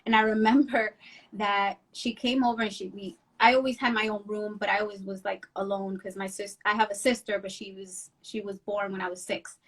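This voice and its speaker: A middle-aged woman from New Jersey, a guest telling animated stories in a casual interview and mixing in Spanish phrases. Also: medium pitch, a little fast. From Union City, New Jersey.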